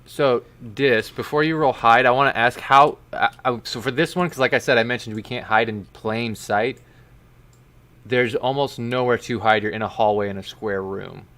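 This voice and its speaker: A man's voice: medium pitch, fairly even intonation, normal speed, a bit bright. A man running a tabletop game as dungeon master, explaining rules and calling out dice rolls.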